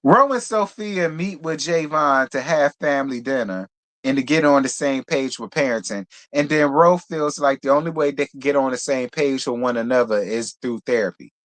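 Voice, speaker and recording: A man hosting a casual reality TV recap, talking bluntly and profanely in an animated, opinionated way. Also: medium pitch, moderate pace. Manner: animated, opinionated gossip talk. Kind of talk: casual review commentary.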